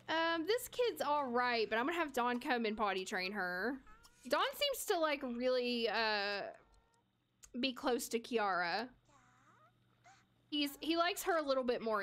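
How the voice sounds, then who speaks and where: A woman's voice: a little high, lively intonation, a little slow, fairly bright tone. A young woman live-streaming a game, chatting casually to her viewers and her characters and laughing often. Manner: chatty and giggly, talks to chat and to her characters. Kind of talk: casual live-stream chat over gameplay.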